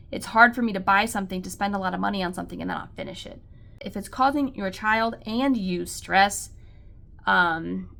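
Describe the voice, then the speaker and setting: A woman with a gravelly, fry-tinged voice who talks to other homeschool parents in an earnest, encouraging way. She sits in the middle of the female range in pitch and fills her sentences with likes and ums. Her tone stays warm in intent and reassuring. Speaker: homeschool mom and channel host. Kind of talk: encouraging talk to camera.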